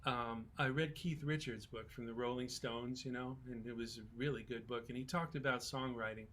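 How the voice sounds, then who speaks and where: A man in his sixties, a songwriter on a festival panel, telling relaxed, folksy stories in casual talk. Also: medium pitch, normal speed, a little hiss or hum.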